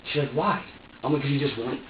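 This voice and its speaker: A man's voice: mid-range voice, fast, a little hiss or hum. Agitated, profane man in an echoey room. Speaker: interrogation suspect. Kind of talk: police interrogation. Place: police interview room. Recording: echoey, distant, muffled interview room recording.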